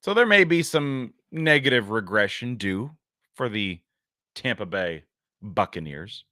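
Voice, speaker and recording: Bright-voiced man on sports podcast. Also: fairly low pitch, lively intonation, measured pace, no room sound, studio quality. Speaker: podcast co-host. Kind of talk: casual sports talk.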